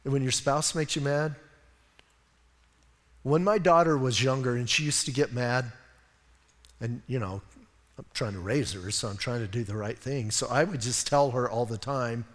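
An older man preaching a sermon as a pastor, telling folksy stories with animated asides. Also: medium pitch, normal speed, long pauses, big-room sound. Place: church sanctuary.

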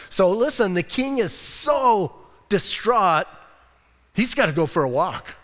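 A male pastor preaching a sermon in an animated, conversational way, acting out quotes and laughing often. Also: sits high, a little slow, long reverb tail.

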